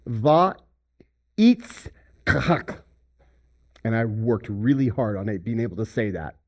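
A man preaching a sermon, swinging between loud emphasis and hushed near-whispers. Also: on the low side, a little fast. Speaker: pastor.

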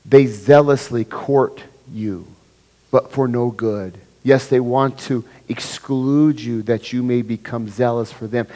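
A man's voice: mid-range voice, steady tone, takes it slowly, mellow. A male pastor preaching a sermon, explaining scripture verse by verse and acting out the quoted dialogue. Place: church sanctuary. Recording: long hall reverb.

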